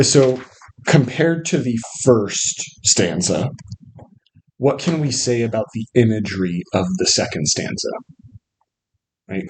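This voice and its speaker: A man's voice: on the low side, a little hiss or hum, rough recording. A man teaching a literature seminar who asks questions, praises answers and keeps adding "right?". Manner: encouraging, asks questions, often adds "right?". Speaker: literature instructor.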